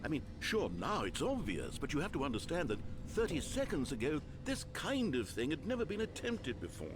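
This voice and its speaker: A man's voice: fairly high pitch, huge pitch swings, brisk, background noise. A man voicing the sardonic male narrator of a game, speaking scripted lines with dry, mock-awed sarcasm.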